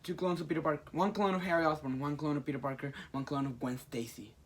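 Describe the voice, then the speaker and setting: A man's voice: a little high, quick pace. Man animatedly recapping a comic story. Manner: acts out characters' lines in excited bursts. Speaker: podcast co-host recapping a comic. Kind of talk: casual chat.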